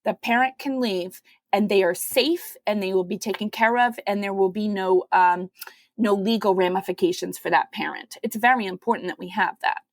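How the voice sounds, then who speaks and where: A woman who is a guest on a podcast, telling her story in a conversational way and acting out the quoted voices with big jumps in pitch. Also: moderate pace, dry recording. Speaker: podcast guest, mother of five.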